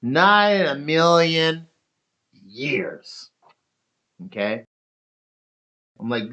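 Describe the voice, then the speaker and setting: A man's voice: on the high side, sing-song, very slow, long pauses, pushed and bright, dull audio. A man talking casually on a stream, rambling and swearing as he tells an argumentative story.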